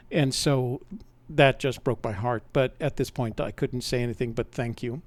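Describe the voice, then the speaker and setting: A man's voice: medium pitch, moderate pace, no room sound. An older man, a podcast host, telling a personal story in a rambling, conversational way, often correcting himself mid-sentence.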